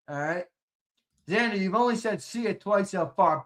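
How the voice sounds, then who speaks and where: Profane, excitable male sports show host. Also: high-pitched, normal speed. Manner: profane, excitable ranting with sudden loud outbursts; jokey banter, reacting to comments and laughing. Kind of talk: casual livestream chat with viewers.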